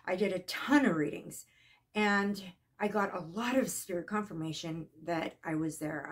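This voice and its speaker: Earnest, emotional woman, lowish voice. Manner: earnest, emotional, halting with restarts. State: shaken, voice trembling at times. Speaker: psychic vlogger. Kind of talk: casual personal account.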